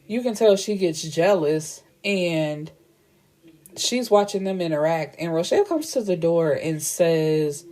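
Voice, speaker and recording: A woman's voice: on the low side, lively intonation, a little slow, dark tone. A woman retelling a book's plot in a casual, blunt and profane way, acting out the dialogue as she goes. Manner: blunt, profane, chatty storytelling with quoted dialogue. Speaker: book reviewer.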